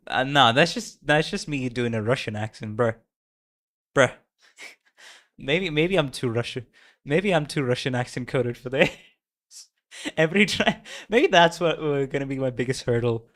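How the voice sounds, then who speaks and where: Guy streaming a story game, slow easygoing chat, jokes at himself and laughs a lot. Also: mid-range voice, expressive, fairly bright tone. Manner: playful and self-mocking, laughs often. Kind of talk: casual live-stream chat while reading a game story.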